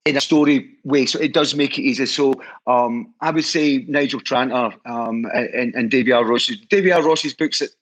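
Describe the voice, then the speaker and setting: A man's voice: medium pitch, moderate pace, few pauses, a bit bright, low-quality recording. A Scottish man, a guest who heads a historical society, telling stories in an enthusiastic, rambling way with many restarts. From Scotland. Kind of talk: casual storytelling chat.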